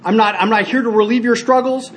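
Man, high-pitched, earnest speaker at a recovery meeting; animated storyteller who restarts often. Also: fast. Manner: storytelling, animated when acting out scenes. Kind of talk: personal share with told stories.

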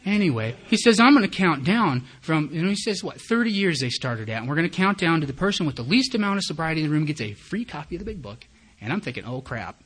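A man's voice: a little high, very animated, quick pace, a bit bright. A man giving personal recovery testimony at a meeting, a candid and self-mocking storyteller who acts out his own thoughts.

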